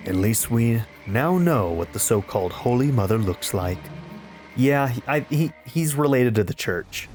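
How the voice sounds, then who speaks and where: A man chats his way through a retro-style role-playing game, his pitch bouncing around as he reacts. He shifts between relaxed commentary and loud mock outrage at the villain. Quiet game music plays beneath his voice. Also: unhurried. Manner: reads in-game dialogue aloud and reacts. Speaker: let's play host. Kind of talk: casual gameplay commentary.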